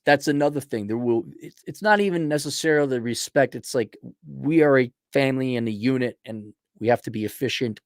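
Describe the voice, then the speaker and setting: A man's voice: mid-range voice, no echo, clean studio sound. Blunt, crude man ranting. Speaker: podcast host. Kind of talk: profane rant.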